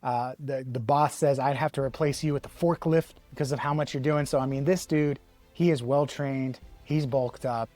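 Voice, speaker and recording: A man's voice: medium pitch, fairly even intonation, normal speed, a little mellow, soft background music. A man giving a casual comic book review, rambling with many fillers and restarts and the odd chuckle. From Texas.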